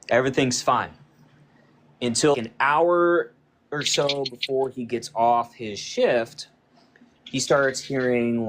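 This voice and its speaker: A man's voice: mid-range voice, a little hiss or hum. Man casually retelling a spooky story. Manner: retells a friend's encounter, acting out quoted dialogue; loose and conversational, with frequent "like" fillers.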